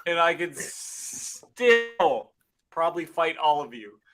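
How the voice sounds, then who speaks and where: A man's voice: on the high side, sing-song, takes it slowly, fairly bright tone. A tipsy man hosting a casual livestream chat, crude and swearing a lot. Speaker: livestream host. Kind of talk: casual drunk chat among friends.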